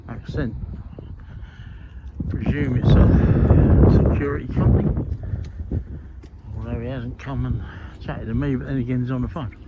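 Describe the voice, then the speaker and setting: A man's voice: medium pitch, fairly even intonation, normal speed. A man filming outdoors on an industrial estate, making wry, chatty asides into a handheld camera mic. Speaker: vlogger filming in public. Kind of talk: casual running commentary. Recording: dull lo-fi sound, clear street noise.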